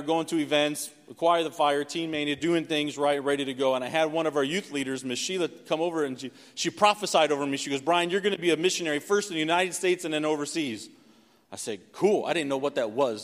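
A man in his forties from North Carolina giving a sermon testimony, telling his story with lots of "right?". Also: on the high side. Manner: animated storytelling with frequent "right?". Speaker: preacher. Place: church sanctuary. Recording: long hall reverb.

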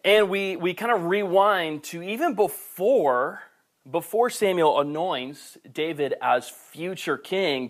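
Fervent pastor, higher-pitched man. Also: takes it slowly. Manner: passionate, builds to near-shouting then softens; casual, playful asides to the camera. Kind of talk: sermon. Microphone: camera recording.

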